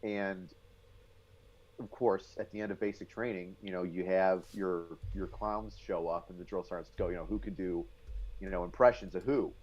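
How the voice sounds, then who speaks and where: A man from Western New York, a podcast guest telling military stories in an animated way. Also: deep voice, moderate pace. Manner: animated storyteller, bursts into impressions. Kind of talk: casual podcast storytelling. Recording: dull lo-fi audio.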